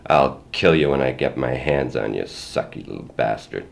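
A man's voice: rumbling low, moderate pace, creaky, exaggerated voice. A man voicing a drunken, abusive middle-aged father who snarls threats and slurs his defiance. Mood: menacing.

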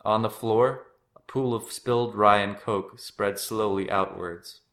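A man reading his own written personal story aloud in a steady storytelling manner. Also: on the low side, unhurried.

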